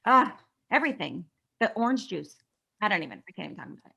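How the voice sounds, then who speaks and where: A middle-aged woman from California, a guest actress, chatting casually and telling stories in an animated way, acting out quoted dialogue. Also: mid-range voice, fast, creaky, slightly rough. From California, USA. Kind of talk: casual interview storytelling.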